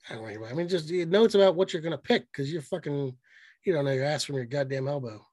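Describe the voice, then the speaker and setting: A man's voice: fairly high pitch, rapid-fire, darkish tone, no echo. A man co-hosting a podcast, telling a rambling, profane story in casual chat. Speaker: podcast co-host.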